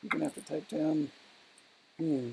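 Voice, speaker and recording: A man's voice: on the high side, level tone, normal speed, vocal fry, dark tone, slight background noise. A man co-hosting a casual live question-and-answer session, reading questions and thinking aloud with frequent hesitations. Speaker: co-host answering viewer questions.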